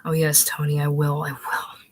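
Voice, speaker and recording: A woman voicing a shy, dreamy teenage girl in an audiobook reading, speaking in a soft, hesitant way. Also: sits low, completely flat delivery, normal speed.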